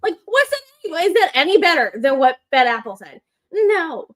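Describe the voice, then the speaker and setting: Animated high-voiced woman co-host ranting. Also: moderate pace. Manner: animated, frustrated ranting with sarcastic quotes. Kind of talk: casual chat.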